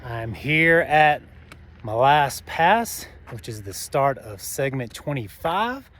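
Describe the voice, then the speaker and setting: A man with a Southern US accent talking casually to camera on a mountain trail, chatty and halting with fillers, sometimes out of breath. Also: mid-range voice, very animated, a bit bright. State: out of breath on climbs. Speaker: hiker vlogger.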